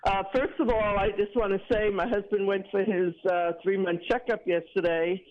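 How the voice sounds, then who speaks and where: A woman's voice: medium pitch, fairly even intonation, moderate pace. A woman calling in to a radio show, chatting and retelling stories with laughter over a dull phone line. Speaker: caller. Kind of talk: casual phone chat.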